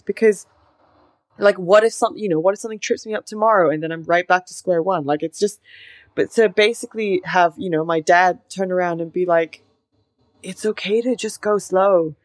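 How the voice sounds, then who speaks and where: Lower-voiced, reflective young woman host. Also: normal speed, dry recording. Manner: reflective and earnest, heavy use of "like". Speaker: podcast co-host. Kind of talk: casual chat.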